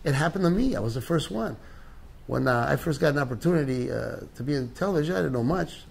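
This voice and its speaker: An older man answering interview questions in an impassioned, emphatic way, rising in pitch on his key points. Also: animated, fast, gravelly, slightly rough.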